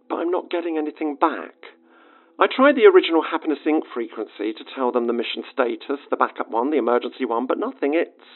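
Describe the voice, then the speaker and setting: Man, base director, lively exasperated audio log over a narrow phone-like line with faint music. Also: a little high. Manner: exasperated, rambling, sarcastic asides. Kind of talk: scripted audio-log monologue.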